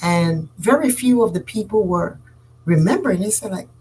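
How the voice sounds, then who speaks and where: A woman telling a folk tale aloud, acting out the characters' lines with big jumps in pitch. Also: animated, normal speed, warm tone, slight background noise, low-quality recording. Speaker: storyteller. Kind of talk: oral storytelling.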